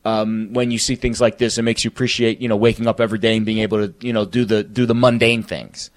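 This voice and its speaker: A man co-hosting casual sports talk, earnest and halting, with many fillers. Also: fairly low pitch, little pitch movement.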